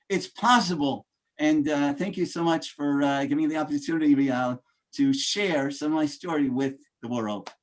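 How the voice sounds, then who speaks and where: Male motivational speaker with a high voice, emphatic, rally-style delivery with frequent pauses and fillers. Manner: emphatic, addresses audience as ladies and gentlemen, fillers. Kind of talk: motivational speech.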